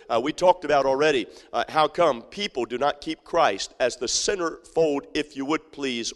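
A man preaches in a church auditorium, his slightly raised voice ringing with a long hall reverb. He is emphatic and repetitive, circling back with many fillers and restarts. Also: on the high side. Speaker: pastor. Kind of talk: sermon.

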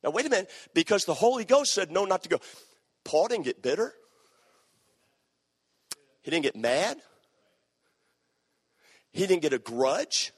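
Male preacher, emphatic, repeats phrases, high lively voice, echoey hall. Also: a little slow, long pauses, slightly rough. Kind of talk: sermon.

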